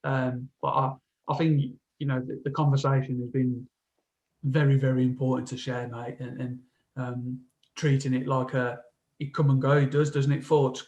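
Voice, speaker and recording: A man's voice: medium pitch, flat delivery, darkish tone, highs cut off. A man in casual podcast chat, stumbling and restarting as he talks about himself. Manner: halting, stammering restarts. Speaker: podcast co-host.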